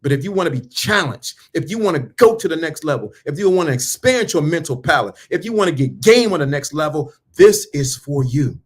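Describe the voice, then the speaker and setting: A blunt man in his fifties speaking hosts his own channel and lectures in a preachy, repetitive way. He mocks the people he is turning away and keeps circling back to the same lines. His voice sits a little high for a man. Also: sing-song, a little fast, hardly any pauses, husky. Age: 50s. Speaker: channel host. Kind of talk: blunt motivational monologue.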